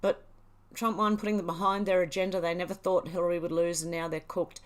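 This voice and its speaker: An Australian woman hosting a casual livestream, reading viewer comments aloud and chatting back in a relaxed way. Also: on the low side, a little fast. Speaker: livestream host. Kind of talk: casual live chat reading.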